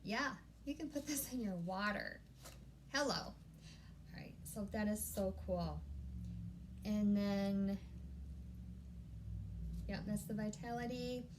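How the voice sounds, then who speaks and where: A woman vlogging a casual unboxing at home, gushing and easily excited, often breaking off mid-sentence. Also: mid-range voice, takes it slowly, pauses often, a little hiss or hum. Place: home room.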